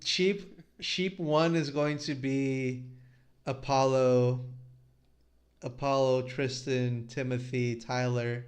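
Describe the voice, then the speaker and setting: A man's voice: mid-range voice, fairly even intonation, slow pace. A man hosting a casual comic-review podcast, reading panels aloud and laughing often. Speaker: podcast host.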